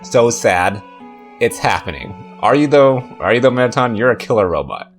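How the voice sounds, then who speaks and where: A man's voice: mid-range voice, very animated, normal speed, soft background music. A man hosting a let's play, giving jokey, sarcastic running commentary as he plays. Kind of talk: casual game commentary.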